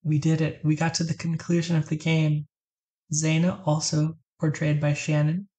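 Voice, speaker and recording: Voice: medium pitch, flat delivery, normal speed, dark tone. A let's play host giving casual reaction commentary with chatty asides to viewers.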